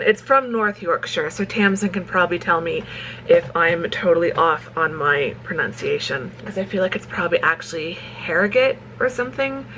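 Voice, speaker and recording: A woman's voice: medium pitch, sharp tone, slight background noise, poor audio. A woman author chatting casually in a home vlog, rambling and laughing often as she makes tea. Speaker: romance author vlogger. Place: at home, kitchen.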